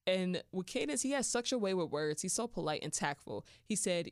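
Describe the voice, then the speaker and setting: A woman hosting a podcast, telling a personal story in a casual, animated way with slangy asides. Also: lowish voice, a little fast, few pauses, no room sound, clean studio sound. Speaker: podcast host.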